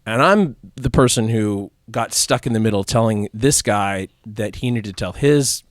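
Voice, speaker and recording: A man with a fairly low voice hosts a podcast, spinning rambling anecdotes in a loose, casual way. His sentences tend to fade off at the ends. The sound is dry and close, with no room around it. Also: normal speed, no room sound. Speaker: podcast host.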